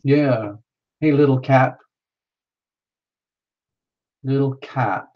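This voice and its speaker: Drawing out his words in a medium-pitched voice, a tarot stream host banters with his viewers, teasing and playful, rambling with plenty of fillers and restarts. The recording is muffled.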